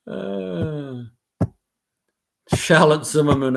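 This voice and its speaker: A man's voice: medium pitch, measured pace. New Zealand man chatting casually on a live stream. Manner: reads viewer comments aloud and answers them loosely, with many fillers and restarts. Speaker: host of a live stream reading chat.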